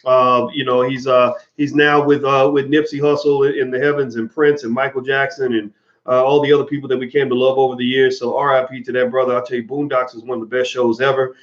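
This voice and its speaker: Man, live-stream host, casual chatty delivery, mid pitch, slightly muffled audio. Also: little pitch movement, a little fast. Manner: casual, chatty, greets viewers by name.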